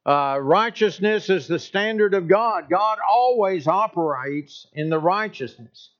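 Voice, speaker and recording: Slow, emphatic preaching man. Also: sits high, lively intonation, fairly bright tone, lo-fi sound. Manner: slow, deliberate, emphatic preaching with repeated phrases. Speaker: pastor. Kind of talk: sermon.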